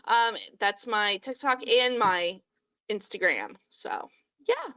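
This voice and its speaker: A woman's voice: medium pitch, lively intonation, slow pace, sharp tone, no room sound. A woman who reviews books, chatting casually on a podcast, a little hesitant and laughing at herself. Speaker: podcast guest, book reviewer. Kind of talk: casual chat. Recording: slightly dull lo-fi audio.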